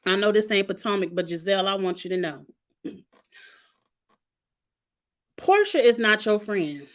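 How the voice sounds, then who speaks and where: A woman's voice: medium pitch, animated, measured pace. Woman, forties, vlogger; casual, sassy, candid delivery, playfully shady. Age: 40s. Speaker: vlogger reviewing reality TV fashion. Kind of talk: casual commentary vlog.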